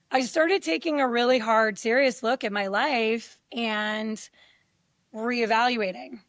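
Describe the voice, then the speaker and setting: A middle-aged woman appears as a podcast guest, telling her story candidly in a somewhat high voice. She's animated, acting out quoted voices along the way, and the recording is dry and studio quality.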